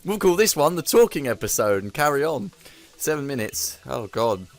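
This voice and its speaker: A man's voice: mid-range voice, very animated, normal speed, soft background music. A man chatting casually during a game session, rambling, swearing freely and laughing often. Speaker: gamer co-host. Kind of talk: casual chat while gaming.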